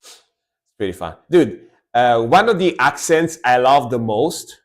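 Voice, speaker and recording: Male streamer, average pitch, loose rambling commentary. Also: animated, takes it slowly. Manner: chatty, rambling, lots of fillers. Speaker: music reaction streamer. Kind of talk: casual live-stream commentary.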